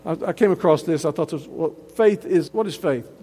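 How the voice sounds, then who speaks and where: High-voiced preacher in a reverberant hall. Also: male voice, a little fast, warm tone, breathy edge. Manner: emphatic preaching with frequent restarts. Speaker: pastor. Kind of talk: sermon.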